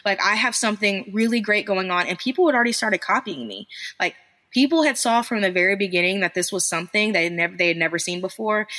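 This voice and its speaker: A woman's voice: on the low side, pushed and bright. A woman in her thirties, a business founder, telling her story in a casual podcast interview, candid and self-deprecating, swearing now and then.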